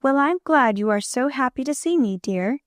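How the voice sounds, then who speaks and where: Woman reading a kindly storybook aunt, gentle, soothing, fairly high. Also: animated, normal speed, dry recording, clean studio sound. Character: kind, cheerful grown-up aunt.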